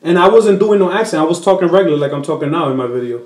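A man's voice: on the high side, very fast, echoey room. A Dominican-born comedian chatting casually in an interview, switching between English and Spanish and putting on voices as he tells stories. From Dominican Republic. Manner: animated, puts on voices while telling stories. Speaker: comedian guest.

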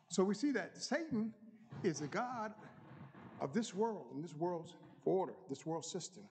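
A man delivers a sermon, reading scripture aloud and building his emphasis, and now and then he stops to search his notes. His voice sits a little high for a man. The sound carries the long reverb of a church hall. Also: animated, a little mellow, husky. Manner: reads scripture aloud with rising emphasis, pauses to find notes and apologizes. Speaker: deacon preaching. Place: church sanctuary.

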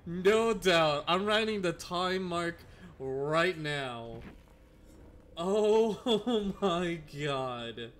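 A man streams a game with excitable live commentary, swearing and talking straight to the other players. His voice sits high and swings widely in pitch. He talks at an unhurried pace. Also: slight background noise.

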